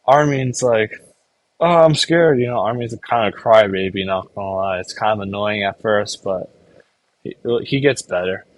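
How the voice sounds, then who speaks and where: A fairly low-pitched male voice with fairly even intonation recaps anime episodes at normal speed, with no room sound. He's an anime reviewer who rambles casually, packs his talk with fillers and "like," and briefly acts out characters' lines.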